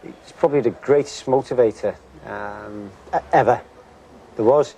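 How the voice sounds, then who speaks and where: A man's voice: mid-range voice, moderate pace, mellow. A man who used to play football tells a candid, self-deprecating story about his early days in the team. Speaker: former footballer interviewee. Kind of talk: reminiscing interview. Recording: noticeable background hiss.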